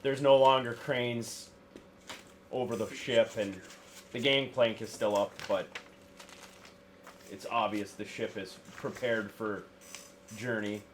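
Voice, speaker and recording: A man narrating as game master in a tabletop game, speaking in halting, casual sentences with fillers. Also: on the low side, fairly even intonation, a little hiss or hum.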